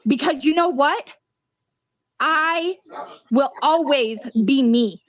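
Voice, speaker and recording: A woman's voice: sits high, slow pace, dry recording. A woman hosting a livestream, ranting angrily with lots of swearing. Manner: angry, profane, emphatic. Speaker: livestream host. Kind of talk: heated livestream rant. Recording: dull lo-fi stream audio.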